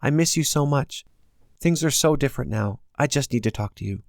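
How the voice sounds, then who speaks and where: A man's voice: mid-range voice, expressive, fairly quick, vocal fry, no room sound, clean studio sound, voice pushed up. A man voicing an earnest teenage girl who pleads and longs to talk, raised a little above his own voice in an audiobook. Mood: longing. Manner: pleading and emotional.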